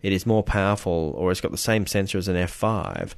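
A man's voice: sits low, very animated, brisk, gravelly, no room sound. An Australian man co-hosting a podcast, chatting casually in a rambling, hesitant way with many fillers and restarts, and joking at his own expense. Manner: self-deprecating. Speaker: podcast co-host. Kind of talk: casual chat.

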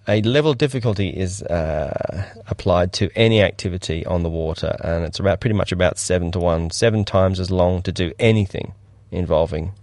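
A man's voice: low-pitched, gravelly, darkish tone, no echo, clean studio sound. A man co-hosting a filmmaking podcast, telling rambling anecdotes in casual chat and acting out the quotes in a livelier voice. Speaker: podcast co-host, cinematographer.

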